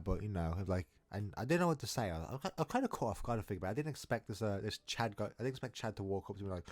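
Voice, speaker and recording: A man's voice: deep voice, fast, hardly any pauses, darkish tone. A man telling a story in a casual, rambling, jokey way, often restarting his sentences. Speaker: storytime vlogger.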